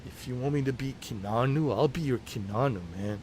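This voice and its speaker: A man putting on the voice of a laid-back, soft-spoken action-hero character, talking low and hushed and drawling "man". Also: moderate pace, a little hiss or hum, lightly acted. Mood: soothing.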